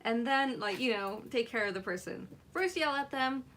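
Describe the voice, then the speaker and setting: A woman's voice: a little high, animated, normal speed, fairly bright tone, a little hiss or hum. A woman with a slightly raised voice hosts a live crafting session. She chats easily with her viewers as she works and breaks into giggles often. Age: adult mother. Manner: giggly, laughs often between remarks; chats with viewers while working. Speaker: craft livestream host. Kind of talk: casual chatty craft demo.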